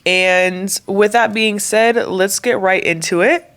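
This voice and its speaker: A woman's voice: medium pitch, steady tone, slow pace, fairly bright tone, smooth. A young woman talking candidly to camera in a vlog, emotional and chatty, her voice close to cracking. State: voice cracking, near tears. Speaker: vlogger. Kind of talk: casual talk to camera.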